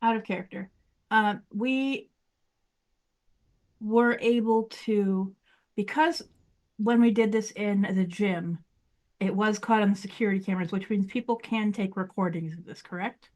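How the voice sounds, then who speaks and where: Lady in the game thinking out loud, um-ing through her plans, normal pitch. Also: a little slow. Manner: planning aloud with fillers. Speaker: player. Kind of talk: casual tabletop play.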